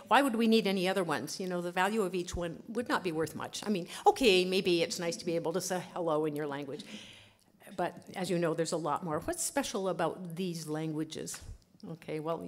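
A woman linguist giving a lively conference lecture, chatty, laughing often and saying "okay" a lot. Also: lowish voice, a little fast.

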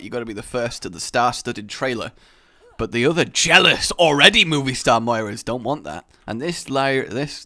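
A man hosting a gaming video with friends, excitable, laughing often and swearing in surprise. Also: medium pitch, no echo. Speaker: host of a gaming channel. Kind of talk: energetic gaming commentary with friends.

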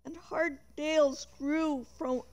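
A woman reading a novel aloud on a livestream, expressive, with chatty asides. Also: sits high, very slow. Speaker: reader of a book.

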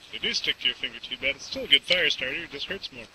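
A man's voice: mid-range voice, expressive, rapid-fire. A man casually demonstrating a camp stove outdoors, rambling with lots of fillers. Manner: folksy, rambling, with many fillers. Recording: distant outdoor mic with background noise.

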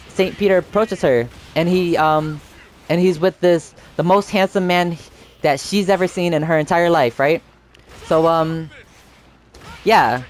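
A young man hosting a gaming channel, telling a meandering story while he plays and breaking into excited yelps at the game. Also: on the high side. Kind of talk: rambling storytelling over gameplay.

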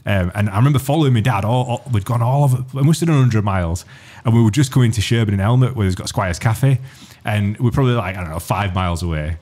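A man, hosting a podcast and telling a story in a lively, sweary way. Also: fairly low pitch, quick pace. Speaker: podcast host. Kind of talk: casual chat.

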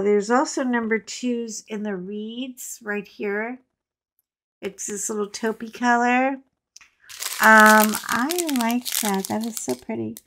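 A woman's voice: on the high side, a little hiss or hum, low-quality recording. A middle-aged woman with a stuffy, sinus-laden voice, chatting casually and self-deprecatingly to viewers while unboxing craft supplies. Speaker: craft video host.

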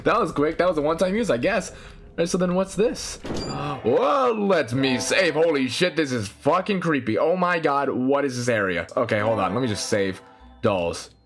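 A young man commentating a horror game, excitable and swearing, laughing often, yelping when startled, and chatting to the characters on screen. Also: medium pitch, normal speed. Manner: excitable, swears, jumps to loud startled yelps. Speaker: gaming channel host. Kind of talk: let's play commentary.

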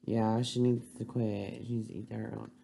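A woman's voice: extremely low pitch, level tone, moderate pace, creaky, mellow, a little hiss or hum. A woman vlogging casually about her new dog, rambling and unsure as she talks. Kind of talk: casual home vlog.

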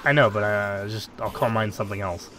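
A man's voice: on the low side, fairly quick, bright, forceful tone, slight background noise. A young man co-hosting a let's play, chatting casually in a laid-back way with dry, teasing jokes, over a headset or desk mic. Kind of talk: casual gaming chat.

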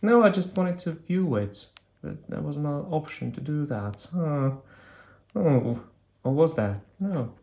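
A man's voice: on the high side, animated, slow pace, vocal fry, a little mellow. A man reviewing an old phone, talking casually and thinking aloud with hesitant fillers as he clicks through menus. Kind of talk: casual hands-on product demo.

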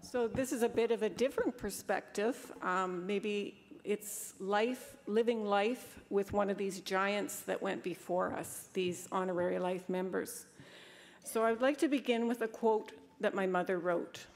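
A woman opening a prepared tribute talk in a measured, reflective way. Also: mid-range voice. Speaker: convention speaker. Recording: long hall reverb.

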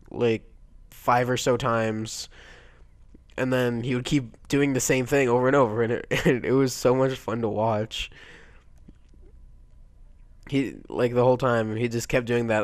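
A teenage boy with a stuffy nose from a cold, quietly rambling through casual gameplay commentary, breaking into excited yelps now and then. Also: mid-range voice, smooth, no echo. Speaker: let's play gamer.

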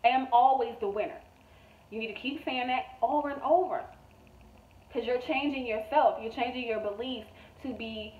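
A woman's voice: on the high side, recorded from a distance, a little hiss or hum. Woman with a thin, echoey phone-like sound. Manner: emphatic, repetitive, blunt and profane. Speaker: manifestation coach. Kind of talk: motivational vlog monologue.

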